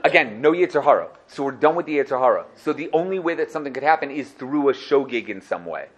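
Fast-talking man teaching a Torah lesson. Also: medium pitch. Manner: animated, fast-talking, acts out voices. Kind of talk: lively religious lesson.

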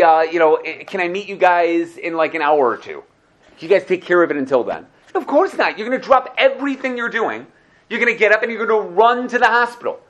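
Rabbi type, man, lively class-giver who acts out scenes, slightly high-pitched. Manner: animated storyteller, acts out dialogues, asks "right?" often. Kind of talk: Torah class lecture.

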